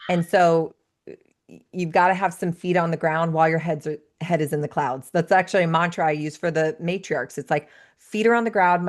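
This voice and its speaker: A woman in her thirties appears as a life coach guest in a conversational podcast interview. Her voice is a little low, and she shares stories in an earnest, reflective manner at a steady conversational pace.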